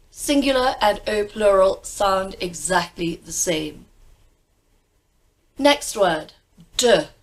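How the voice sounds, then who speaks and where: A woman with a received pronunciation English accent teaches pronunciation at a slow, measured pace. She lingers over each sound with careful, emphatic precision, and her pitch sits in a middle range. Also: rough recording. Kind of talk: pronunciation lesson.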